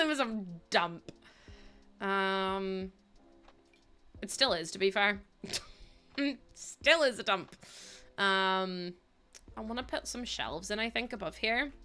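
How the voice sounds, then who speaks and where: Bright chatty Northern Irish woman. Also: medium pitch, expressive, a little slow, long pauses, soft background music. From Northern Ireland. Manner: chatty, laughs often, swears casually. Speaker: streamer. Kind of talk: casual livestream chat while building in a game.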